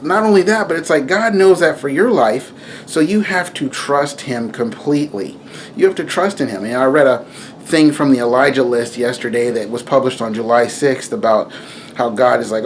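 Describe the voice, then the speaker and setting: Young guy preaching to his camera, rambles, lots of asides, jumps up and down in pitch, bit of room hiss. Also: moderate pace. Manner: rambling and animated, with frequent asides and self-corrections. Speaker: video preacher. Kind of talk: casual spiritual talk to camera.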